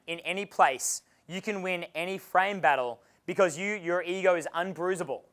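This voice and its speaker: A man's voice: on the high side, a bit bright. A male dating coach giving a live seminar lecture to an audience. He speaks casually and bluntly, swears often, and chuckles between points.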